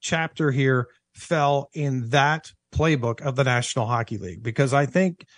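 A man's voice: mid-range voice, moderate pace, no room sound. A man talking in an office as a sports broadcaster, reflecting in a thoughtful, earnest way and repeating himself for emphasis.

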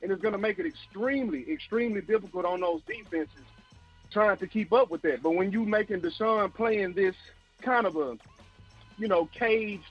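A man calling in to a sports talk show, out of breath and making his point with emphasis. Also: high voice. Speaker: caller. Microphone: phone line. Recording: dull lo-fi phone call.

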